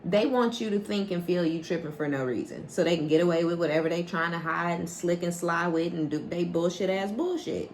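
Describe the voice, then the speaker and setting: Low-voiced, blunt, profane woman reader. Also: a little fast, few pauses, slight background noise. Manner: blunt, profane, keeps asking "right?"; animated, acts out quoted dialogue. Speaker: psychic tarot reader. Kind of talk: collective tarot reading, casual and unscripted.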